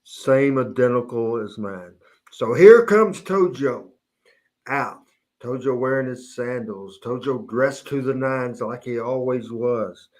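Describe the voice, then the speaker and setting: A man hosting a talk show, telling a long funny anecdote in a casual, animated way. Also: mid-range voice, slow. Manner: animated anecdote teller, mimics voices. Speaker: host. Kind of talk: casual storytelling.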